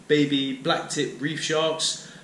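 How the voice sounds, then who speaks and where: A man's voice: on the high side, steady tone, slow pace, fairly bright tone. A man, chatting casually and wryly as a travel vlogger at a tropical resort. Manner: wry, chatty food-tasting asides. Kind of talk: casual vlog commentary. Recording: background ambience noise.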